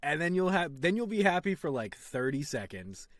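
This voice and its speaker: A man's voice: on the high side, moderate pace, no echo, studio quality. A young man co-hosting a casual podcast, telling stories with lots of acted-out quotes. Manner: animated storytelling, acts out quotes. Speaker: podcast co-host.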